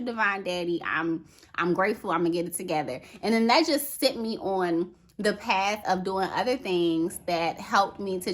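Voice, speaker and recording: A woman vlogger chats to her viewers in an animated, personal way. Her voice is bright and clear, sitting at an ordinary pitch for a woman, and she keeps checking in with "okay" and "right?". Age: adult with a daughter. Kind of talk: casual chat to camera.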